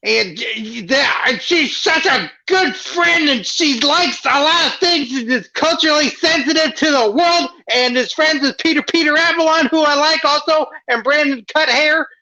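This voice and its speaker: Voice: high voice, normal speed, hardly any pauses, bright, forceful tone, lo-fi sound. A performer voicing a naive, childlike wrestling sidekick who rambles earnestly and turns weepy. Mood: rambling. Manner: rambling and earnest, tearful at times. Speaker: sidekick co-host. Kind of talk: comedy wrestling sketch.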